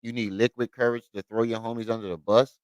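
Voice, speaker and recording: A man's voice: mid-range voice, flat delivery, fast, darkish tone, no room sound, lo-fi sound. Mocking man ranting at a clip. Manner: mocking, scolding, repeats himself. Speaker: commentary host reacting to clips. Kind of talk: heated reaction commentary.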